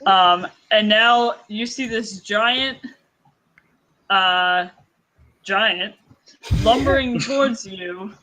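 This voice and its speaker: A man's voice: high-pitched, very slow, long pauses, sharp tone, low-quality recording. A man narrating as game master of a tabletop game, loose and rambling, full of "kinda" and "like".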